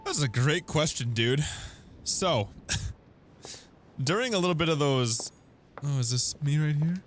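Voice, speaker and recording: A man's voice: on the high side, expressive, takes it slowly, slight background noise. A chatty young man giving let's play commentary on a video game, laughing often. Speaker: gaming YouTuber.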